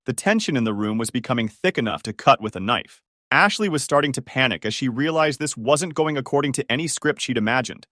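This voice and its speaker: Man, scripted story narration, lively pitch, dry close sound. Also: brisk, no echo.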